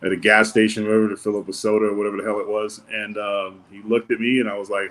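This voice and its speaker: Here a man with a lowish, steady voice and a fairly bright tone talks quickly. As a wrestling guest in a laid-back interview, he rambles through his stories, restarting often and leaning on fillers, playing out each person he quotes.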